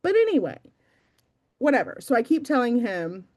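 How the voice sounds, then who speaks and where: A woman's voice: fairly high pitch, sing-song, normal speed, darkish tone. A young adult woman giving a casual, chatty motivational talk to her team, self-deprecating and full of fillers. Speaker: team meeting speaker.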